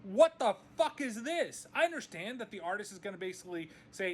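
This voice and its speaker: High-voiced man ranting, swearing. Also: big pitch swings, fairly quick, few pauses, husky. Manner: profane, exasperated ranting. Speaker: movie reviewer. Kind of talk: casual video review.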